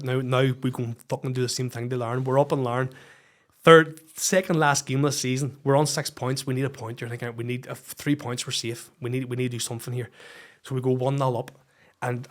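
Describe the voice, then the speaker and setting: A man with a Northern Irish accent, a football coach guesting on a podcast, telling a story in a lively, swearing, casual way. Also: mid-range voice. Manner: animated, swears freely, acts out heated quotes.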